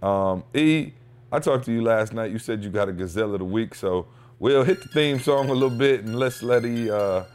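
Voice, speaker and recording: A man hosting a podcast, telling a casual, slangy story with lively energy and acting out what people said. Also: on the low side, brisk. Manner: animated storyteller, slangy, acts out quotes. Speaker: podcast host; father.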